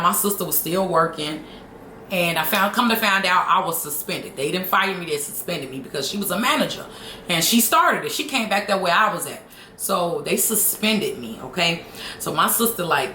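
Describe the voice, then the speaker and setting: A woman in her thirties tells a story straight to her viewers, animated and emphatic in a loose, casual chat. Her voice sits a little low yet bright and forceful. The room around her is echoey. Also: a little hiss or hum. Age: 30s. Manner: animated, emphatic, keeps addressing viewers directly. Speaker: vlogger.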